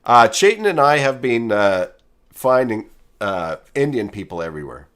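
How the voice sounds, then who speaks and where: A man's voice: mid-range voice, very animated, moderate pace, fairly bright tone. A man hosting a casual live stream from his studio, talking in a rambling way with many fillers and restarts. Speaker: host. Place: home studio.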